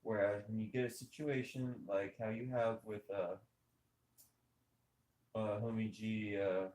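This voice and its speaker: A man's voice: on the low side, fairly even intonation, measured pace, a little mellow. A man hosting a casual podcast, talking emphatically about movies and firing off rhetorical questions. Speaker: podcast host. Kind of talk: casual opinionated chat over gameplay. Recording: echoey room.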